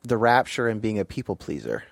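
A male interviewer asking calm, probing questions. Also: fairly low pitch, brisk, vocal fry, no echo, clean studio sound.

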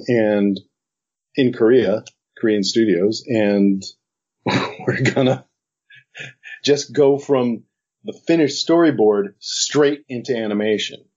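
A middle-aged man recounts a rushed animation job in an interview, slipping into the other people's voices as he goes. His voice is dark and husky. The recording is dull and lo-fi. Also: medium pitch. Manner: animated storytelling, acts out both sides of the conversation. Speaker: animation director. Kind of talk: interview anecdote.

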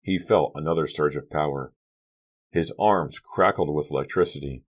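A man with an extremely deep, low voice narrating a horror novel for teens. He tells the story in steady, dramatic scripted narration. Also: moderate pace. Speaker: audiobook narrator.

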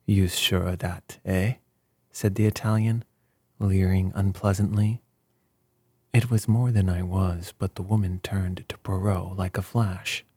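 A man narrating a story in the first person with a measured, deliberate reading. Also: sits low, little pitch movement, dark tone, breathy edge, dry recording. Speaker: audiobook narrator.

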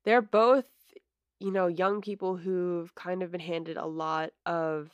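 A woman co-hosting a podcast, chatting casually with plenty of filler words. Her voice sits a bit low for a woman, and the recording is dry and close. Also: steady tone, takes it slowly, clear, resonant tone, no room sound, lo-fi sound. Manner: chatty, lots of "like" and "you know". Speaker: podcast co-host. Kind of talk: casual chat.

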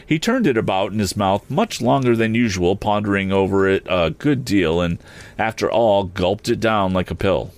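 A man narrating a classic novel as an audiobook, in a measured, steady storytelling manner. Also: low-pitched, dry recording.

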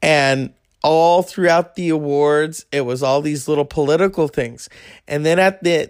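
A man's voice: on the high side, unhurried, smooth, no echo, studio quality. A man in his thirties telling a rambling, crude story in a casual monologue. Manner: crude, rambling, acts out quoted voices. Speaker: podcast host.

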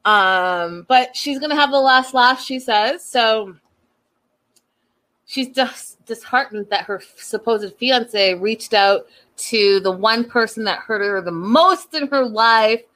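A woman with a fairly high voice dishes gossip in a sassy, chatty recap, tumbling through quick slangy asides. Her talk is loose and conversational, like telling a friend the latest drama. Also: a bit bright. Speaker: reality TV recap vlogger.

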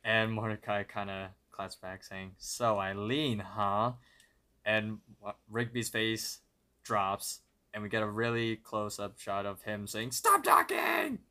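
Lower-pitched man with a forceful tone. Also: level tone, unhurried, clear, resonant tone. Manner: narrates plot step by step with slips and self-corrections. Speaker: podcast co-host. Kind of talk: casual episode recap.

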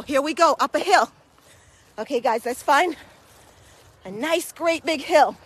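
Woman, fitness coach, high voice, unhurried delivery, out of breath, encouraging, walking outdoors on hills. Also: animated. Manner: encouraging, motivating. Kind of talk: guided walking workout podcast.

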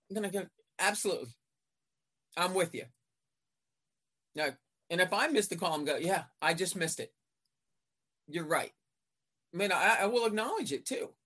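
A woman in her fifties, a veteran basketball referee, chatting in an interview and acting out her exchanges with coaches in lively retellings. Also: sits low, breathy edge. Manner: animated storyteller acting out court exchanges. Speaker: basketball referee, podcast guest. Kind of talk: casual interview chat.

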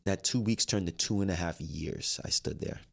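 Deep gravelly man telling a story. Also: normal speed. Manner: animated, quotes himself and others in dialogue. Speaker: life coach and trainer. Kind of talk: personal storytelling.

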